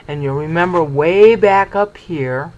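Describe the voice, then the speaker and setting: Slightly high-voiced man teaching Bible study. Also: unhurried, a little mellow, highs cut off. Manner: discursive, checks in with "okay?". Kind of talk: explanatory Bible study lecture.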